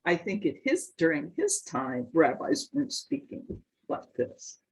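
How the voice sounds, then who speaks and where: A woman in a study group discussion, speaking thoughtfully with hesitant pauses. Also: fairly low pitch, sing-song, breathy edge, poor audio.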